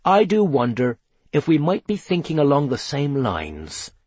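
A man's voice: on the high side, huge pitch swings, a little slow, a little mellow, breathy edge, dry recording, exaggerated voice. A man voicing a chatty, grumbling magical inspector who rambles in a wry, conspiratorial way. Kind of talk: audiobook character voice.

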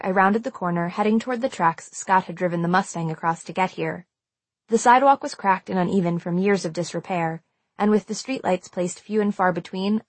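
A woman narrates a first-person audiobook in a tense, suspenseful storytelling manner. Her voice sits at a middle pitch for a woman. The recording is dry and close, with no room sound. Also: dry recording.

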